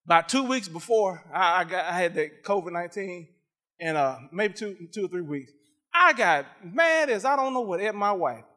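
High bright-voiced male preacher. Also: moderate pace. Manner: animated, stammers and repeats, laughs at himself. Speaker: pastor. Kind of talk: sermon storytelling.

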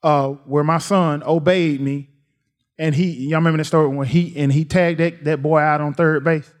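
A man's voice: fairly high pitch, fairly even intonation, moderate pace. A man preaching a sermon, folksy and repetitive, his voice climbing sharply when he gets worked up. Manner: folksy, repeats phrases, rises to near shouts.

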